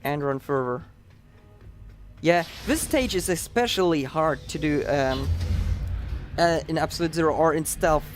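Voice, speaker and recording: A man's voice: on the high side, unhurried, faint music behind. A man with a Dutch accent giving chatty, upbeat live commentary on his own speedrun, explaining as he plays.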